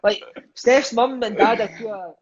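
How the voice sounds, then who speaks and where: A man's voice: very high voice, dull audio. A Scottish man in his thirties, a podcast guest telling stories in casual chat, swearing freely and peppering his talk with "mate" and "aye". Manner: swears freely, fills lines with "mate" and "aye", quick enthusiastic storyteller.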